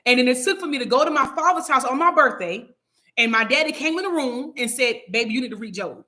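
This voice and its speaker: A woman's voice: sits high, fast, bright, forceful tone. A woman in her thirties hosting a Bible study, telling her testimony in a casual, emphatic way full of rhetorical questions.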